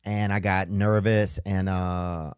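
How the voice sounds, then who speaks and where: A man hosting a casual podcast chat, telling stories in a loose, halting way. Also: sits low, level tone, clear, resonant tone, no echo, studio quality. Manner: loose, halting storytelling with trailing pauses. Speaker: podcast host.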